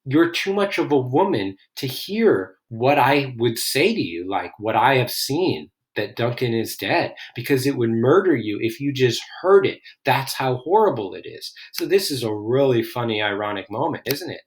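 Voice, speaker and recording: A man's voice: mid-range voice, big pitch swings, normal speed, few pauses. A man teaching a classic play line by line, reading the quoted lines dramatically and then explaining them in casual talk full of "like". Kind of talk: line-by-line literature lesson.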